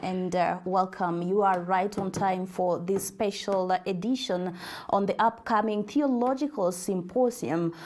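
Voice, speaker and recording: A woman's voice: medium pitch, fairly even intonation, unhurried, darkish tone. A woman hosting a studio talk show on TV, speaking with lots of "uh" fillers and laughing between questions. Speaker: TV host.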